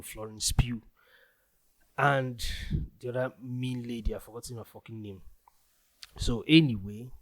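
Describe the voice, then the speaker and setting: Man, Nigerian accent, young adult, rambling podcast monologue, mid pitch, dry room. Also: no echo. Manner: rambling, loose, full of restarts and "like". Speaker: podcast host. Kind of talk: casual solo podcast monologue.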